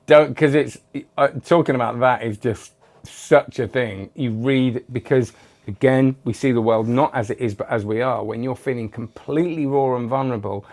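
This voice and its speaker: A man's voice: mid-range voice, a little mellow. A man hosting a magic channel, chatting casually and rambling as he reads out viewer comments, with self-deprecating asides. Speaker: magic video host.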